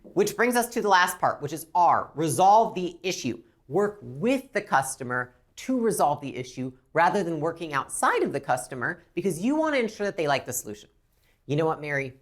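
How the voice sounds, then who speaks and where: A woman's voice: on the low side, a little fast. A woman teaching a business lesson, talking bluntly and now and then acting out lines from customers and staff. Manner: animated, acts out customer and rep lines; blunt, swears casually. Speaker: business instructor.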